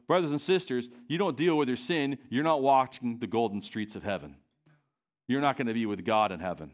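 Man preaching, quizzing his congregation. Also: lowish voice. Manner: asks the congregation questions, pacing varies. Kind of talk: sermon.

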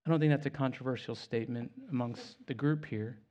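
A man's voice: medium pitch, a little fast, a little mellow, muffled recording. A male pastor preaching a sermon in a conversational way with self-deprecating humor.

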